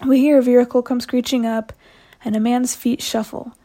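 A woman's voice: a little high, flat delivery, normal speed, warm tone. A young woman casually telling a personal story to a podcast, chatty and self-mocking.

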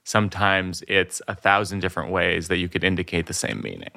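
A man's voice: sits low, animated, fairly quick, gravelly, bright, forceful tone. A man hosting a podcast, chatting in a reflective way and thinking aloud about jokes. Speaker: podcast host. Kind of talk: casual podcast conversation.

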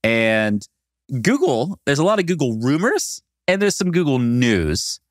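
A man's voice: mid-range voice, unhurried, no room sound, studio quality. A man co-hosting a podcast in casual, playful chat; he has a cold and teases his co-host. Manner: animated, playful, teasing.

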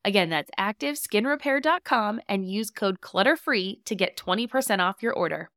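A woman's voice: medium pitch, lively intonation, normal speed, a bit bright, slight background noise. Upbeat woman reading a podcast ad. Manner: upbeat, chatty read. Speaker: podcast host. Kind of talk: read ad.

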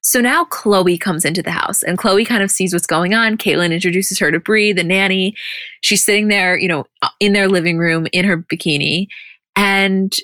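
A young adult woman co-hosting a podcast, retelling scenes in an animated, casual way and swearing freely. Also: mid-range voice, moderate pace, no echo, studio quality. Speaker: podcast co-host. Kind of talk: casual recap chat.

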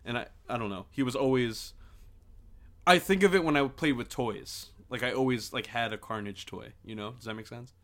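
A man's voice: mid-range voice, normal speed, a bit bright. A young man co-hosting a podcast, chatting casually, joking and rambling with lots of filler words. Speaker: podcast co-host. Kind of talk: casual chat.

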